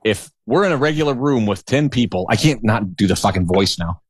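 A middle-aged man rambles through a story in loose, profane chat with a sarcastic edge. His voice is fairly low and close to the mic, with a dry sound and no room echo. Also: expressive, brisk, hardly any pauses, slightly rough.

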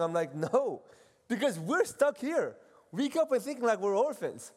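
A middle-aged man and seminary professor giving a casual, animated talk at a retreat, moving between loud and soft as he acts out quoted voices. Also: high voice, measured pace, slightly rough. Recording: long hall reverb.

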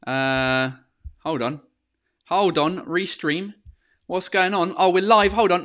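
A man's voice: high voice, slow, pauses often, fairly bright tone. A man, a comedian, hosting his live-streamed podcast in casual chat, swearing freely, dropping into French, with plenty of filler sounds. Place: home in lockdown. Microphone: podcast microphone.

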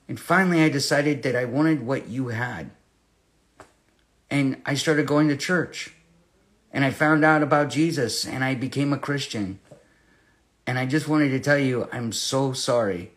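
Impassioned man teaching scripture. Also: mid-range voice. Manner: impassioned, swings between loud emphasis and hushed storytelling. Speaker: Bible teacher. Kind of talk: verse-by-verse Bible teaching.

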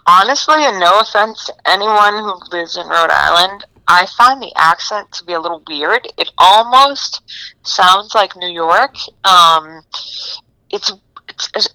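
A woman's voice: mid-range voice, animated, a little slow, bright, forceful tone, clear, resonant tone, no room sound, low-quality recording. A woman co-hosting a podcast in casual chat, hesitant and giggly. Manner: hesitant, giggly, good-natured. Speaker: podcast co-host.

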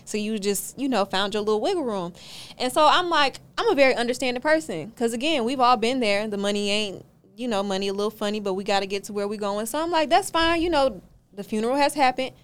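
A woman's voice: mid-range voice, lively intonation, fast talker, clean tone. A young woman, a podcast guest, telling a story in a casual interview and acting out both sides of it. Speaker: podcast guest, car rental owner.

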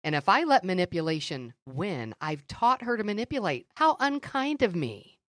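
A middle-aged woman co-hosting a faith podcast, telling stories and teaching in an earnest, animated way. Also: lowish voice, moderate pace, no echo, studio quality. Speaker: podcast co-host. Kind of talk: faith-based conversational teaching.

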